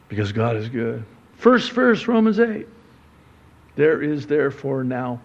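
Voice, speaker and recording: A man's voice: expressive, moderate pace, lo-fi sound. Man preaching a casual, emphatic sermon. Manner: conversational, swinging from soft and low to loud and emphatic. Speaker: pastor.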